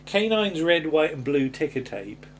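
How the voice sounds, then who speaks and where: A podcast co-host with a slightly high, sing-song voice chats unhurriedly about an old TV episode. He muses aloud, full of fillers and restarts. There's a little hiss or hum on the recording.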